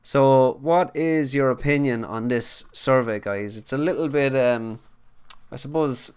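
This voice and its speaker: A man's voice: mid-range voice, unhurried, clear, resonant tone. A man hosting a gaming podcast, asking friendly questions and reading out news items. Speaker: podcast host. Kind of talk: casual chat and news reading.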